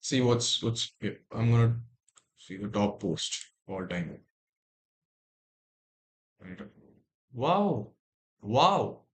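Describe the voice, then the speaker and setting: Young Indian-accented man, casual streamer, reads on-screen text aloud, thinks out loud mid-sentence. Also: on the low side, slow pace, pauses often. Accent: Indian English. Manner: reads text aloud with muttered asides and restarts. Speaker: livestreamer. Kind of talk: casual livestream, reading aloud.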